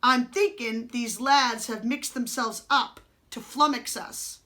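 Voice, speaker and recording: A woman voicing a big, boastful male outlaw who talks in loud, rough, rustic speech. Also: on the high side, takes it slowly. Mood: menacing.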